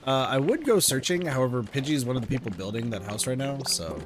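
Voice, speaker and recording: A man narrating his game in a loose, rambling way, full of "like" and "um." His voice sits at an ordinary middle pitch. Game music runs clearly beneath him. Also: expressive, quick pace. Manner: rambling, thinking aloud with many fillers. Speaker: streamer. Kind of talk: casual let's-play commentary.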